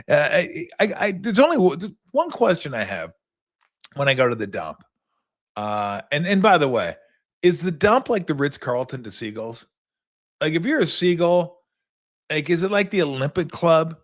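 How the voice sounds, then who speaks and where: A middle-aged man hosting a talk show on his own, rambling through comic stories. He jumps into quick voiced asides and keeps an easy, animated delivery. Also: mid-range voice. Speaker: radio show host. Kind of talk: casual comic monologue.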